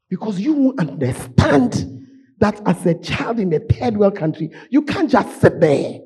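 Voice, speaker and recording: Hoarse, husky preacher man. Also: sing-song, unhurried. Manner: emotional, shouting preaching with sudden drops to low tones. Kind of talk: sermon. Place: church sanctuary.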